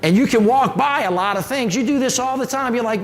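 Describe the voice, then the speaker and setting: Gravelly man telling stories in a hall. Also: very high voice, fairly quick. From New Orleans. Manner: folksy, animated, acts out quoted people. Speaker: former mayor giving a public talk. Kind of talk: storytelling talk to a live audience.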